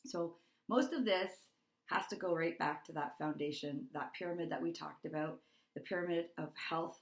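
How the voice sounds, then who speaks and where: A woman's voice: low voice, moderate pace, echoey room. A middle-aged woman talking as a wellness coach to her course members, earnest and heartfelt, repeating words for emphasis. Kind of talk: motivational talk to course members.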